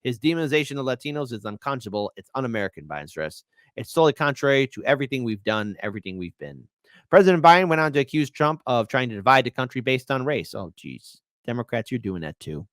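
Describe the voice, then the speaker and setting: Sarcastic man with a lively voice. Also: medium pitch, quick pace, no room sound, clean studio sound. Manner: sarcastic, mocking, swings between loud outbursts and mutters. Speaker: political commentary host. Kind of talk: casual political commentary, reading articles aloud.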